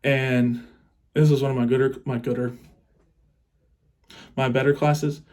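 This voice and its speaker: A man's voice: mid-range voice, little pitch movement, measured pace, a little mellow. Rambling young man telling a crude story. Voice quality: rambling and crude, with frequent laughs. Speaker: teacher. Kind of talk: casual comic storytelling.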